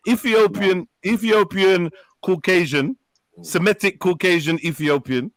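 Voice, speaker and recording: A man's voice: sits high, lively intonation, brisk, a bit bright, no room sound. A man arguing heatedly on a live stream call, repeating himself and talking over others. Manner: combative, repeats phrases, talks over others. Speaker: panelist in a live stream debate.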